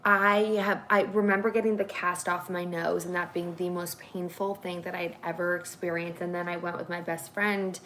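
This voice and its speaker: A woman's voice: on the low side, little pitch movement, moderate pace, hardly any pauses, sharp tone, slight background noise, rough recording. A woman in her thirties hosting a casual home livestream, chatting candidly with many fillers. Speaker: vlog host. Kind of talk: casual chat. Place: home, at a table.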